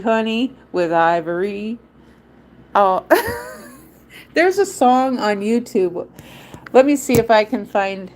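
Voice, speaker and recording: A woman's voice: mid-range voice, a little mellow. A woman hosting a live stream, chatting in a rambling way and laughing often. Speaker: livestream host. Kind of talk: casual live-stream chat.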